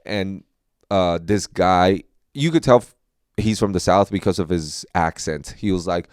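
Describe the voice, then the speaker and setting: A young man, a comedian hosting a podcast, talking in a casual, rambling way with many fillers and animated jumps in pitch. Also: moderate pace, dry recording, studio quality.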